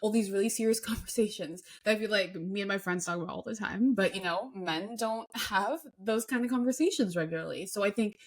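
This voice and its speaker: A woman's voice: mid-range voice, a little fast, hardly any pauses. Young woman co-host, easygoing. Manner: relaxed, reflective talk with "you know" fillers. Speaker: podcast co-host. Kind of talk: casual chat.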